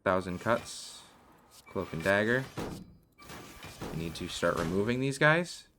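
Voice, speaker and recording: A man's voice: low voice, very animated, measured pace, background noise. A man commentating his own card game play, muttering card names and worried asides as he goes. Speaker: gaming video host. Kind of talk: gameplay commentary.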